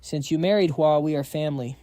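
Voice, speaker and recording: A man reading the lines of a gentle middle-aged empress who cares for her stepson, with soft, reassuring speech. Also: fairly high pitch, fairly quick, no room sound, studio quality, lightly acted.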